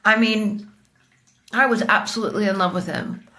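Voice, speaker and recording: A woman's voice: mid-range voice, fairly even intonation, moderate pace, pushed and bright. A woman delivering an angry, profane rant, accusing people around her. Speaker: vlogger.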